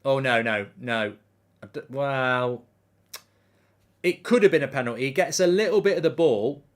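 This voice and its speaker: A man's voice: mid-range voice, moderate pace. A man hosting a live football watchalong, reading out viewer comments and ranting indignantly about refereeing calls. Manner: animated, indignant rants, reads viewer comments aloud.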